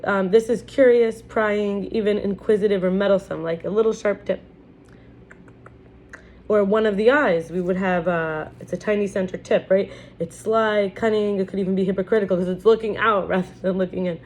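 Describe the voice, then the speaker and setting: A woman's voice: mid-range voice, steady tone, brisk, darkish tone. A woman giving a casual spiritual lesson, talking in a chatty way with frequent restarts while reading from a book. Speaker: teacher. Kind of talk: casual spiritual teaching talk.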